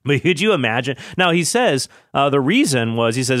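A man's voice: mid-range voice, brisk, hardly any pauses, a bit bright, no echo, studio quality. A man in his thirties casually talking about films, chatty and self-correcting, often laughing at himself. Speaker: film commentary host. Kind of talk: casual film commentary.

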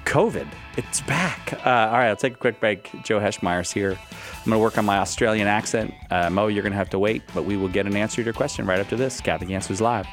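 A man's voice: fairly low pitch, fairly even intonation, fast talker, faint music behind. A man from the United States hosting a live radio call-in show, joking and reading listener questions.

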